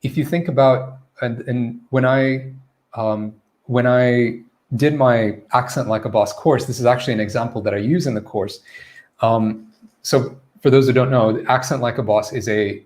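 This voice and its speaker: A man's voice: medium pitch, fairly even intonation, moderate pace, a little mellow. A man hosting a live online English pronunciation lesson, talking casually with fillers and restarts and greeting viewers from the comments. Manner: conversational, many fillers and restarts, reads viewer comments aloud.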